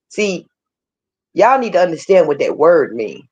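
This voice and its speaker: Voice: medium pitch, big pitch swings, moderate pace, husky. A co-host in a casual talk, speaking frankly and emphatically, with a lot of swearing. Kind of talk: casual chat.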